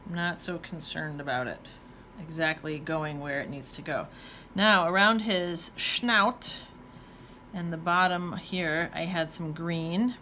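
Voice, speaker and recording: A woman teaches watercolor in a painting demonstration, chatting casually as she paints and thinking aloud with playful exclamations. She speaks slowly in a low voice with a sharp tone. There's slight background noise.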